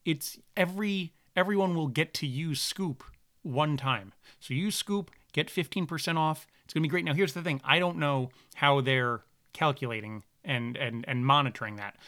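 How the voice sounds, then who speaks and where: A man's voice: on the high side, normal speed, pushed and bright, no room sound, studio quality. A man hosting a podcast, reading an ad in a rambling, jokey way, correcting himself as he goes. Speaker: podcast host. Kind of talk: casual podcast ad read.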